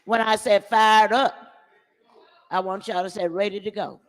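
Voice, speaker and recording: A man's voice: high voice, fairly even intonation, normal speed. Older man leading rally chants. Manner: commanding, shouts chants then hushes the crowd. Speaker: movement veteran leading a crowd chant. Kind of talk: call-and-response rally speech. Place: large church hall. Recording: echoey church hall with crowd.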